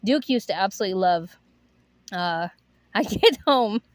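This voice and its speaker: A woman's voice: medium pitch, lively intonation, a little slow, dry recording. A woman who runs an animal rescue, chatting casually and giving upbeat tips on training dogs. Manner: chatty, upbeat, full of fillers.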